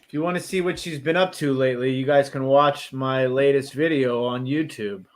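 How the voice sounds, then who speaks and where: A man hosting a casual reseller chat, easygoing and quick to laugh. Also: mid-range voice. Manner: slow, easygoing, laughs often. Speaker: YouTube reseller host.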